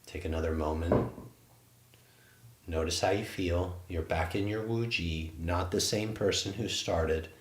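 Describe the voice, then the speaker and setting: A man from England, a qigong instructor, leading a guided standing meditation in a soft, slow voice. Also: deep voice, steady tone, reverberant, a little hiss or hum.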